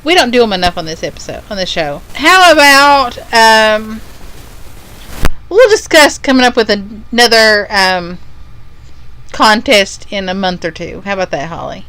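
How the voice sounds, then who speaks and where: A woman's voice: medium pitch, animated, a little slow, pushed and bright, slight background noise, poor audio. A woman co-hosting a podcast in casual chat, upbeat as she makes announcements. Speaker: podcast co-host.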